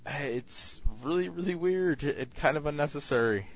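A man's voice: on the high side, moderate pace, lo-fi sound, slight background noise. A man co-hosting a casual podcast chat, reviewing films in a rambling way with many fillers and restarts.

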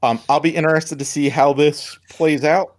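A man hosting a casual movie chat, halting and repeating words as he starts sentences. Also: fairly high pitch, steady tone.

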